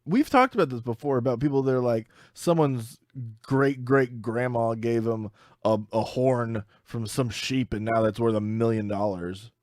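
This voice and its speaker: A man's voice: medium pitch, moderate pace, darkish tone, no echo, clean studio sound. A man co-hosting a casual podcast, easygoing and joking, laughing along with his partner. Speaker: podcast co-host.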